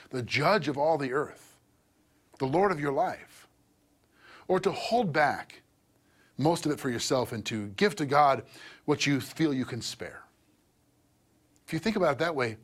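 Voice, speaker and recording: A man's voice: a little high, slightly rough. A middle-aged male pastor giving a conversational sermon, asking rhetorical questions and putting on mocking voices for quoted people.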